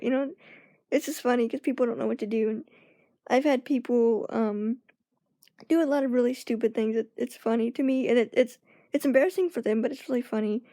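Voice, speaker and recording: High-voiced young woman vlogging casually. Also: mellow, dry recording, clean studio sound. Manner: halting, searching for words, laughs often. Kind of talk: casual personal vlog.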